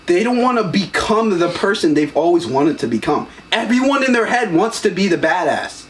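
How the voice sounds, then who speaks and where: Blunt young man with an animated voice. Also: high voice, normal speed, slight background noise. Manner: preachy, blunt, swearing. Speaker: podcast co-host. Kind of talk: casual chat.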